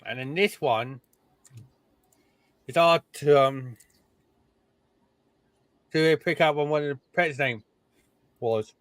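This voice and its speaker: A man co-hosting a podcast chats casually while reacting to recordings, laughing often and letting sentences trail off. His voice is fairly high and fairly bright, and he takes his time with frequent pauses. There's no echo.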